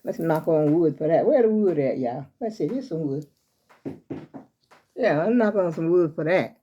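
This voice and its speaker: A woman's voice: low-pitched, expressive, normal speed, mellow, slightly rough, dull audio. An older woman, vlogging casually from home on her phone. She rambles as she talks and keeps speaking straight to her viewers as "y'all". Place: small room at home.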